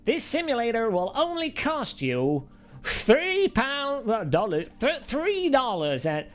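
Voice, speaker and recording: A man's voice: very high voice, huge pitch swings, a bit bright, pitched above the performer's own voice, full character voice. Man doing a mock American reviewer voice. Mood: mock-cheery. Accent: put-on American. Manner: slow, upbeat, mock presenter patter. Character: breezy adult male American sim-rig reviewer.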